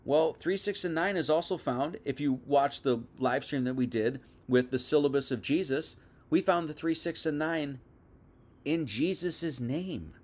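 A man's voice: a little high, a little slow, darkish tone. A young man giving a casual, conversational Bible teaching, full of asides and restarts. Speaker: preacher.

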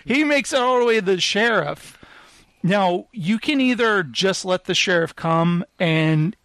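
High-voiced man telling an animated story. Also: measured pace, dry recording. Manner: animated storytelling, acting out quoted lines. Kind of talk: casual chat.

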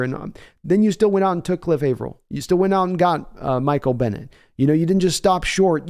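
A smooth, clear-voiced man hosts a casual fan stream. He talks in a mellow, somewhat higher tone, rambling and restarting as he reads out viewer messages and thinks aloud. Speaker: host of a fan sports livestream. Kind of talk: casual live-stream commentary reading chat.

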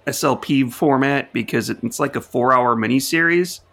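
A man with a gravelly edge to his mid-pitched voice talks through a movie on a podcast. He recounts scenes with animated, laughing energy, in a casual conversational tone. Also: moderate pace. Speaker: podcast co-host, lawyer. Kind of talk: casual film discussion.

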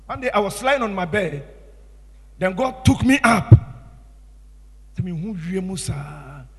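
A man with a Ghanaian English accent preaching a sermon as pastor, impassioned, swinging from hushed tones to shouts. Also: sits high, animated, measured pace, slightly rough, long reverb tail.

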